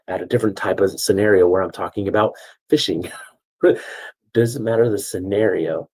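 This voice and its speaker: A man with a low, very husky voice teaches video storytelling. He talks casually, tells a family story and keeps checking that his listeners are following. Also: darkish tone, rough recording. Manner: conversational, checks in with "okay?". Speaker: video coach.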